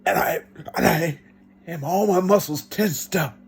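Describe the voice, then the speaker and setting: A man giving an earnest first-person testimony, telling it slowly and reenacting his own pleas. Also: fairly high pitch, slightly rough. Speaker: vlogger.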